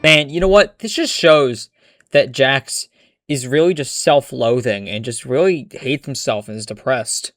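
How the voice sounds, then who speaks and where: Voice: mid-range voice, unhurried, fairly bright tone, no echo. Foul-mouthed ranting commentator, sarcastic, dry close recording. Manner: profane, exasperated and sarcastic.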